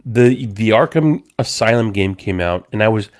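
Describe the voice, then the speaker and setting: Dude telling a story on a podcast, loud and animated, curses a lot, does the voices of people he's quoting. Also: fairly low pitch, moderate pace. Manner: animated storyteller, swears a lot, acts out quotes. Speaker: podcast host. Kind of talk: casual chat among friends.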